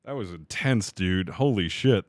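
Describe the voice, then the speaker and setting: A man streaming a game live, talking to his crew and chat, swearing freely and quick to vent his frustration. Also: low voice, expressive, no echo, studio quality. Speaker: livestreamer. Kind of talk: live gaming commentary.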